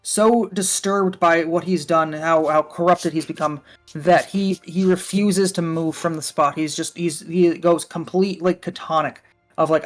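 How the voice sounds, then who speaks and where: A man with a high voice rambles through a casual story on a stream voice call, full of fillers and cursing. Faint music plays underneath. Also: steady tone, moderate pace. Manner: rambling, with frequent fillers and swearing. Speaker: guest on a livestream. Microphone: voice call from a computer.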